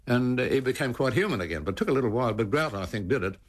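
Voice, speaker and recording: An older man, a former cricketer recalling stories in an interview, animated and repeating words as he goes. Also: mid-range voice, racing. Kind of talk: anecdotal storytelling in an interview.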